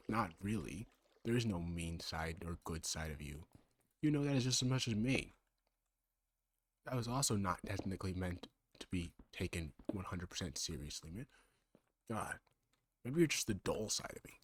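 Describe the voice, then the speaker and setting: A man's voice: lowish voice, moderate pace, pauses often, slight background noise. A man in his twenties doing casual gaming commentary, rambling and sarcastic as he bickers back and forth with himself. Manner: bickers with himself in two alternating sides. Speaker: let's play creator.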